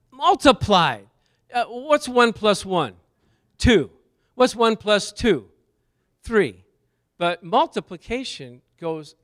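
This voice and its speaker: A middle-aged man preaching a sermon, animated and jokey, asking the congregation questions and bursting into loud praise. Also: high-pitched, smooth. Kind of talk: sermon teaching with slides.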